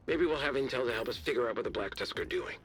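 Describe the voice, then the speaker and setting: A man playing a brisk, commanding mission handler. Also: mid-range voice, close to an everyday voice. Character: terse male mission handler giving orders. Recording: game audio over music.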